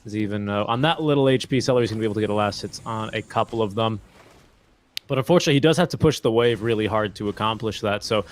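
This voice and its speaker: A man's voice: on the low side, fast. A man giving live esports play-by-play commentary with an easygoing, jokey manner.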